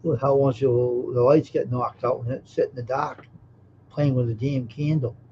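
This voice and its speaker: Man, mid-pitched, gruff casual chat, muffled lo-fi sound, faint hiss behind. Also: fairly even intonation, moderate pace, dark tone. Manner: gruff, grumbling, laughs a lot. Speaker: livestream co-host. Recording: dull lo-fi audio with faint noise.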